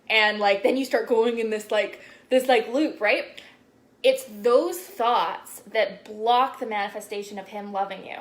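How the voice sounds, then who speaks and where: A woman's voice: mid-range voice, unhurried. Chatty, swearing young woman coach. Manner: chatty, swears often, many "like"s. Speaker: spiritual coach. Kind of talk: casual live-stream talk.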